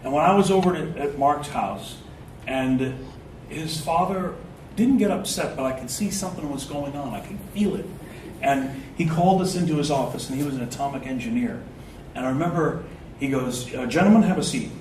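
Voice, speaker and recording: A man in his fifties, a spiritual speaker with a voice on the high side, addresses a live group at an indoor event venue. He slowly draws out and chants short affirmations and tells relaxed, funny personal stories. The recording is distant and echoey in a hall, with faint ambience and a little hiss or hum.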